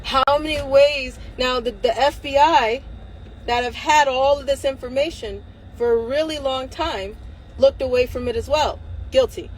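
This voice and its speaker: A woman's voice: sits high, a little slow, slight background noise, rough recording. A woman hosting a livestream, ranting angrily and defiantly with frequent swearing, close to tears at times. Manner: angry and defiant, swearing, laughing through tears. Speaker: livestream host. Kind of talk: impassioned livestream rant.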